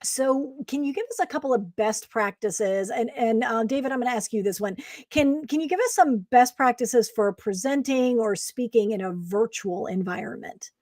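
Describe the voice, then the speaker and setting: A woman's voice: on the high side, normal speed, few pauses, a little mellow, dry recording, studio quality. A woman hosting an event and questioning her guests in a loose, conversational way. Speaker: host. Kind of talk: hosting an online event interview.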